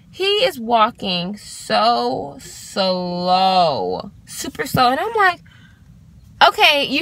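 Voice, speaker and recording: A woman in her twenties telling an exasperated storytime rant to her vlog, swearing freely and talking in an animated way. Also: a little high. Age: 20s. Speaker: vlogger.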